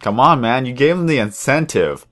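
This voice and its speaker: A very animated young man with a medium-pitched, fairly bright voice talks at normal speed while playing a game. Hosting his gaming video over a headset, he rambles and chats in a laid-back way.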